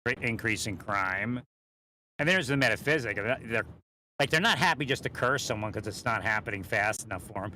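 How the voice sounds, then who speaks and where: A man's voice: fairly low pitch, expressive, fairly quick, bright, forceful tone, a little hiss or hum. A man speaking in a rambling way from inside a moving vehicle, laughing often between thoughts, sometimes leaning away from a mounted mic. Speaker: vlogger. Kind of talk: rambling monologue while driving.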